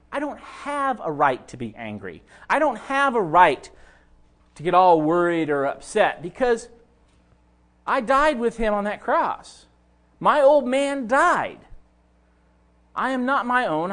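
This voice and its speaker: A man's voice: high voice, a bit bright. A pastor preaching a sermon, talking conversationally and addressing his listeners directly.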